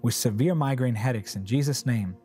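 A man's voice: medium pitch, brisk, music in the background. A man preaching a sermon in a repetitive, declarative cadence, then praying fervently for listeners. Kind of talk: sermon with closing prayer.

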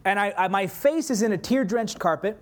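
A man preaching a sermon, telling a story in an animated way and acting out his own prayers. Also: high voice, a little fast.

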